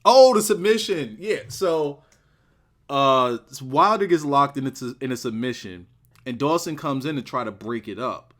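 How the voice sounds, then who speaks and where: Male reviewer, mid-pitched, casual solo talk, excitable, rambling, hammers words through repetition. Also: unhurried. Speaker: wrestling show reviewer.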